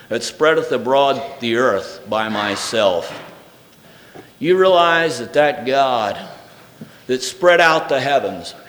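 A man preaching a sermon. He reads scripture aloud, then shifts between loud, emphatic proclamation and soft, intimate speech. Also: medium pitch. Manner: reads scripture aloud in old-fashioned wording. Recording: reverberant hall.

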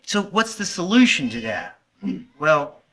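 A man's voice: fairly high pitch, very animated, takes it slowly, fairly bright tone. A man preaching a sermon, earnestly putting questions to his congregation and sometimes stopping to correct himself. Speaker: pastor.

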